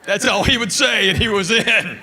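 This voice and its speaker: A man doing a stand-up routine on a theater stage, telling stories with animated punchlines. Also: sits high, moderate pace, crowd noise, background noise. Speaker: stand-up comedian. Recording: reverberant theater sound.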